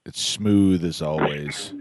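A man's voice: rumbling low, takes it slowly, very noisy. A man hosting a call-in show, bantering playfully with callers and laughing often. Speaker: radio host. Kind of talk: casual call-in chat.

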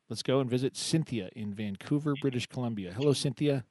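A man's voice: medium pitch, quick pace, hardly any pauses, a little mellow, no room sound. Male call-in host, joking and chatty, dry close sound. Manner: joking, laughs often, restarts. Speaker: radio poetry show host. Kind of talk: casual call-in chat.

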